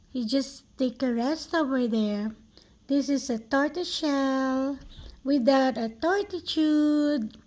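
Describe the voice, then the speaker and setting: High-pitched woman in slow baby talk. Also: a little mellow. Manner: high, sing-song baby talk with slow drawn-out phrases. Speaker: cat vlogger. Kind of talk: gentle baby talk to pet cats.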